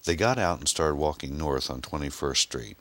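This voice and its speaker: A male audiobook narrator with an extremely low voice reads an action story in a brisk, dramatic way. His tone is bright and forceful, and his delivery moves lively up and down. The sound is dry and close. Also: no echo.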